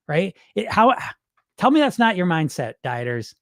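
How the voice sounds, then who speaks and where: Male weight loss coach with a swooping, expressive voice, dry close sound, blunt and profane, mocks viewers' excuses. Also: sits high, no echo. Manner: acts out dieters' excuses in quick voices. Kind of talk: live-stream talk to viewers.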